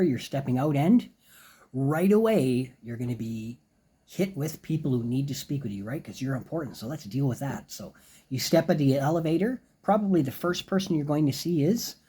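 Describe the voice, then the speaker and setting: A man teaching casual business English in a relaxed spoken lesson, explaining each phrase and then saying it slowly as an example. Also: mid-range voice, slightly rough.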